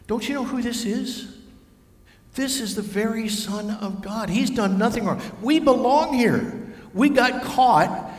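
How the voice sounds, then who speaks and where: A man's voice: very high-pitched, unhurried, pitched above the performer's own voice. A man voicing a remorseful male criminal who rebukes another in an earnest, emphatic way. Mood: rebuking. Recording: echoey hall with long reverb.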